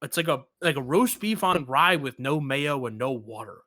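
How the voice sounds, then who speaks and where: A man hosting a casual podcast, with a bright, forward tone. He retells jokes with animated energy, acting out the lines. The sound is close and dry, with no room around it. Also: mid-range voice, moderate pace, no echo. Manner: animated storyteller, acts out quotes. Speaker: podcast host.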